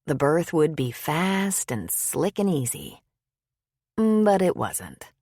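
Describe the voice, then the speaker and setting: Low-voiced woman audiobook narrator. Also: darkish tone, dry recording, clean studio sound. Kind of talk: scripted narration.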